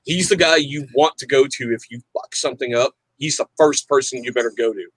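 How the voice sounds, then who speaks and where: A man's voice: mid-range voice, a little fast, slightly rough, dry recording. A man hosting a veterans' panel, asking questions and teasing his guests with dry jokes. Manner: teasing, wisecracking banter. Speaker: host of veteran discussion panel. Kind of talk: casual panel chat.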